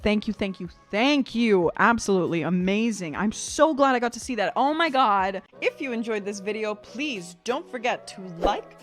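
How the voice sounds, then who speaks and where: A young woman who is an opera singer and vocal coach, chatting excitedly as she reacts and explains singing technique. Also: medium pitch, normal speed, hardly any pauses, faint music behind. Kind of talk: casual reaction commentary.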